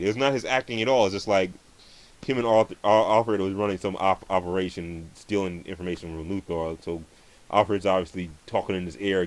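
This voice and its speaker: A man with a low-pitched voice rants in a profane, rambling stream. He swears constantly and trips over his words, restarting sentences as he goes. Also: poor audio. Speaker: vlogger ranting about movies. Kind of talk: angry profane movie rant.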